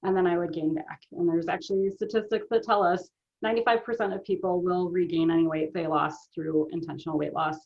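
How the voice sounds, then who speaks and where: A woman's voice: on the low side, steady tone, a little fast, highs cut off. A middle-aged woman speaking as an interview guest, earnest and conversational, often checking in with "right?" and filler ums. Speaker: guest, author and business owner.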